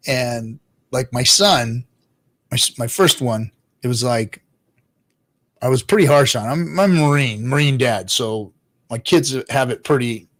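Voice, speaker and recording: A man who is a father hosts a casual livestream, reading chat and answering in a rambling, profane way. He laughs often and sometimes drops to low mutters. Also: expressive, a little slow, fairly bright tone. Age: adult father.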